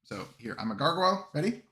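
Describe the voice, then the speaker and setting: A man hosts a casual livestream with a bright, forward tone. He rambles through fillers and restarts and chuckles often. He sounds close to his desk mic. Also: mid-range voice, expressive, measured pace. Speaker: streamer reviewing army lists.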